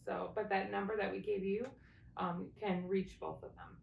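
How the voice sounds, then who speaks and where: A woman's voice: flat delivery, normal speed, gravelly, dull audio. A woman co-hosting a casual panel talk, matter-of-fact in how she speaks. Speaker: co-host. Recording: echoey room, distant mic, faint rumble.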